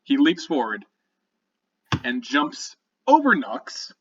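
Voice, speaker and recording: A man's voice: mid-range voice, wildly swooping pitch, takes it slowly, husky, lo-fi sound. A man narrating a tabletop game as dungeon master, describing scenes vividly with many fillers.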